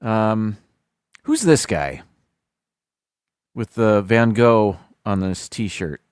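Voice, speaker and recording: A man's voice: on the low side, expressive, extremely slow, darkish tone, clear, resonant tone, dry recording, clean studio sound. A man hosting a casual live stream, thinking aloud and reading out viewers' guesses.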